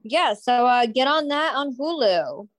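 Young female co-host, sarcastic and teasing, somewhat high voice, dry close sound. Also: expressive, measured pace, dry recording. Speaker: podcast co-host. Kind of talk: casual chat.

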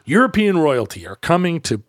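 A man's voice: a little high, big pitch swings, normal speed, no echo, studio quality. A man casually telling a history story on a podcast, rambling and correcting himself as he goes. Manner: rambling, self-correcting, laughs easily, tries funny voices.

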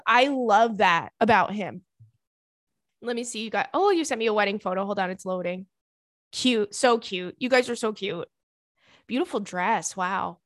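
A young woman hosting a podcast, reading listener emails and chatting in a gossipy, animated way, full of "girl" and "like". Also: a little high, normal speed, dry recording. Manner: gossipy, animated, swearing, says "girl" and "like" often. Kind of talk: casual chat.

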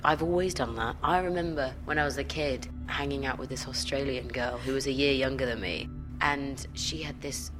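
A young woman, an actor, chatting in an interview and telling animated stories with frequent laughter. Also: a bass voice, moderate pace, music in the background. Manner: animated storytelling, laughing often. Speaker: actor guest. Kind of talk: interview chat.

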